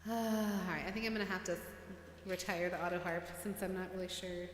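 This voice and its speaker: A woman's voice: lowish voice, little pitch movement, a little fast, roomy sound, long reverb tail. A woman musician hosting a livestream, chatting casually and rambling in a self-deprecating way between songs.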